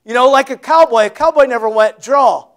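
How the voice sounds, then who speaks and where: Man, pastor, high voice, sermon, dramatic storytelling, folksy asides. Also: brisk, a bit bright. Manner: dramatic storytelling, acting out scenes.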